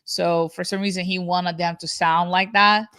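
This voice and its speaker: A woman's voice: on the low side, flat delivery, moderate pace, fairly bright tone, clean tone, no room sound, clean studio sound. A woman co-hosting a casual reaction podcast, chatty and talking with many restarts. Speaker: podcast co-host.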